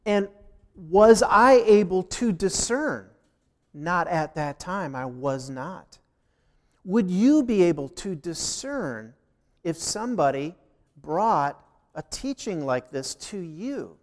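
A man's voice: high-pitched, big pitch swings, takes it slowly. A man preaching a sermon, telling a personal story and acting out the dialogue with emphasis. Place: church sanctuary. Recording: long hall reverb.

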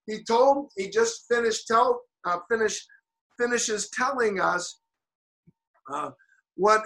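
Man, preacher, sermon, slow delivery, halting restarts, loud climaxes. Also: high-pitched, low-quality recording. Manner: builds to shouted peaks, then drops quiet.

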